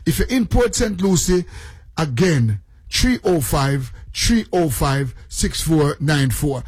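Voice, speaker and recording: Middle-aged man, husky and a touch high, fast excited radio host who repeats himself, dry close studio mic. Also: no echo. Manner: excitable, rapid, repeats phrases. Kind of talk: excited morning radio chat.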